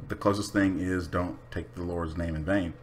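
A man's voice: low-pitched, fairly even intonation, moderate pace, slight background noise. A man talking casually to camera, blunt, profane and unapologetic. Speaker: vlogger.

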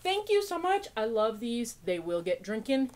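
A woman's voice: on the high side, sing-song, normal speed, a little mellow, a little hiss or hum. A woman hosting a casual podcast, chatting as she opens mail, gushing, laughing often and joking sarcastically about herself. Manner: self-mocking and sarcastic. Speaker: podcast host. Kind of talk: casual unboxing chat.

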